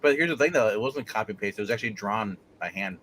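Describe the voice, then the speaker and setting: Upbeat male co-host of a casual stream; bright, animated delivery. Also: on the low side, a little hiss or hum. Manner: jokey, quick to laugh. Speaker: co-host of a live comics show. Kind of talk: casual live-stream chat.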